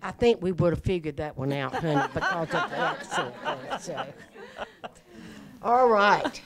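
A woman's voice: on the low side, very animated, unhurried, vocal fry, crowd noise. A woman hosting a birthday party, upbeat, chatty and joking with guests, on a handheld microphone. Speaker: event host.

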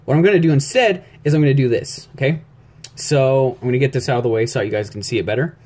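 Recorded on a phone, a young YouTube animation tutorial maker talks through his drawing in a casual screen-recorded tutorial. His voice is medium-pitched and darkish, and he speaks at a quick pace. He rambles jitterily, mumbling to himself and making self-deprecating jokes.

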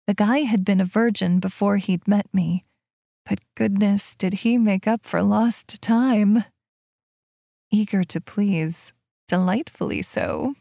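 A woman's voice: medium pitch, takes it slowly, vocal fry, warm tone, dry recording. Woman narrating a romance audiobook, dry sound. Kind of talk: scripted narration.

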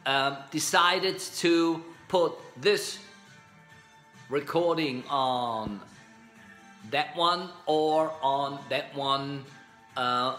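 Slow, bright-voiced middle-aged man. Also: mid-range voice. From Spain. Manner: chuckling, meandering, full of fillers. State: slightly hoarse. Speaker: singer recalling his recording career. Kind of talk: casual storytelling to camera. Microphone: camera mic.

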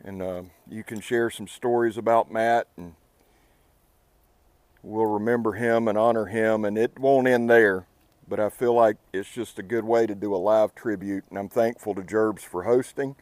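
A man with a fairly low voice, talking to his viewers in a heartfelt, laid-back way. The sound is dry and close. He tends a campfire as he speaks. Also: fairly even intonation, normal speed, a little mellow, no room sound. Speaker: outdoor channel host. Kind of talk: casual talk to camera by a fire. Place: outdoors at a campfire.

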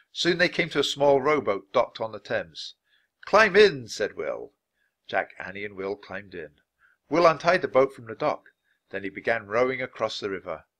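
A man reading a children's book aloud, clear, steady and expressive. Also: fairly low pitch. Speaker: story reader.

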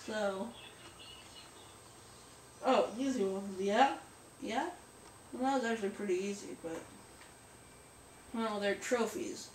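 A woman's voice: mid-range voice, takes it slowly, long pauses. A woman hosting a let's play, rambling and joking at her own expense in casual gameplay commentary. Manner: rambling, jokey and self-mocking. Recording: roomy echo, distant mic, faint noise.

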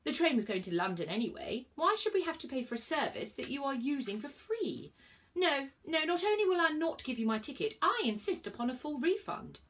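A woman's voice: sits high, big pitch swings, brisk, a bit bright, pitched above the performer's own voice. A woman voicing a curious, literal-minded female star being from the sky, prim and indignant.

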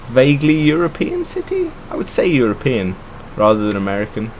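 A man's voice: mid-range voice, huge pitch swings, fairly quick, slight background noise. A young man commentating on a game, sarcastic, swearing and ranting in bursts. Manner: sarcastic, ranting, swears a lot, often laughing. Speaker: gamer.

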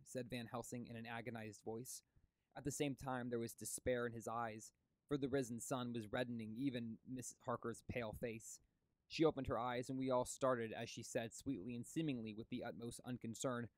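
A man reading a classic novel aloud, steady with occasional stumbles and restarts. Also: mid-range voice, normal speed, no room sound. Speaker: audiobook reader.

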